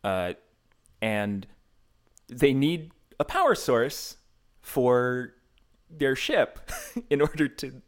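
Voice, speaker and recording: A man's voice: mid-range voice, extremely slow, pauses often. A man co-hosting a podcast in casual chat, joking and laughing often. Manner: joking, lively, laughs loudly. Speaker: podcast co-host.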